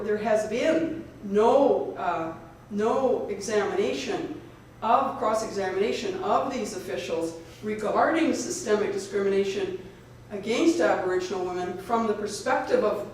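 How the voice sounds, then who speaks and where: At a public event in a lecture hall, a woman who is a lawyer and advocate gives an earnest, hurried rally speech, often restarting her sentences. Her voice is mid-range, and the recording is echoey, distant from the mic, with faint noise.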